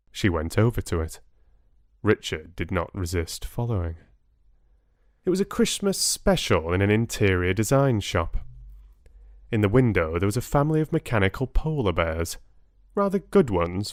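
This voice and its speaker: A man calmly reading a bedtime story for grown-ups as an audiobook narrator. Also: lowish voice, no room sound, studio quality. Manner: calm, unhurried.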